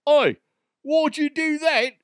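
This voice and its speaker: A man voicing a rude, mocking British man in a deliberately bad put-on British accent. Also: very high-pitched, dry recording, clean studio sound, voice pushed up.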